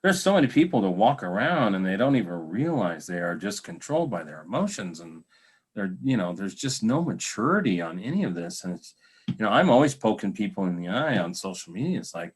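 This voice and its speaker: A man's voice: lowish voice, expressive, brisk, slightly rough. A man hosting a podcast interview, chatty and encouraging, talking with fillers and restarts. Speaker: podcast host. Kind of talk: casual interview conversation.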